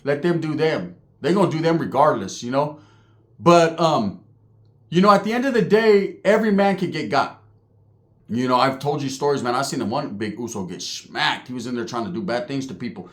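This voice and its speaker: A man telling prison stories in a casual monologue, animated and profane, heavy on street slang, acting out the people he describes. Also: mid-range voice, normal speed. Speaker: storyteller recounting prison life.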